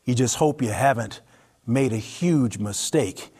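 A man narrating a story in the second person, in an expressive, intimate, vivid way. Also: mid-range voice, unhurried, slightly rough.

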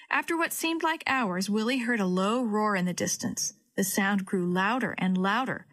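Female storyteller, clear children's-story narration, middle pitch. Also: moderate pace, hardly any pauses, a bit bright.

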